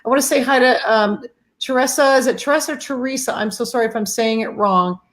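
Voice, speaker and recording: A woman's voice: on the high side, fast talker. A middle-aged woman hosting a casual live-stream chat, earnest and speaking directly to her viewers. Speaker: host.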